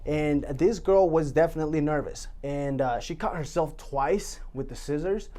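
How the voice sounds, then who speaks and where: A man's voice: a little high, normal speed, warm tone. A male vlog host talking straight to his viewers in a loose, rambling way. He jokes, swears without a second thought and drifts from one story to the next. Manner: rambling, joking, swears freely. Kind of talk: casual solo vlog chat.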